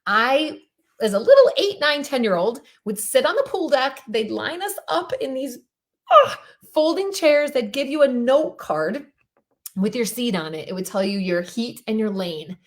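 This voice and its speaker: A middle-aged woman coach giving an animated motivational talk on a group call, telling stories and repeating her points for emphasis. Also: fairly high pitch, unhurried. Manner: animated storytelling, emphatic repetition.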